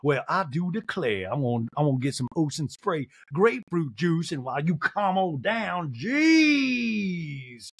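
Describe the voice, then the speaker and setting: A prim Southern woman, as a male comedian puts her on, drawls slowly and flatly. The delivery is deadpan. The sound is close and dry. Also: on the high side, breathy edge, no echo, full character voice.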